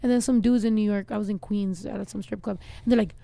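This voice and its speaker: A woman's voice: mid-range voice, fairly even intonation, fast, creaky, warm tone, dry recording. A woman co-hosting a podcast, telling brash, profane stories in casual slang-filled chat. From Mexican heritage. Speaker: podcast co-host.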